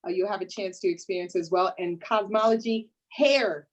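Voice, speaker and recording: A woman's voice: medium pitch, fairly even intonation, normal speed, poor audio. A woman hosting a live online panel, playful and sassy, often calling people honey. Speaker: host. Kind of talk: lively hosted panel talk.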